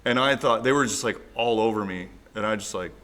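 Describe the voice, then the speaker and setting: Bright-voiced, wry Canadian man. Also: on the low side, brisk. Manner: laid-back, wry, jokey. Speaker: podcast co-host. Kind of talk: casual chat.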